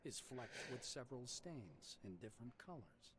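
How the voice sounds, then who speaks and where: A man reading the narration of a text game aloud in a plain, even way. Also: medium pitch, moderate pace, background noise.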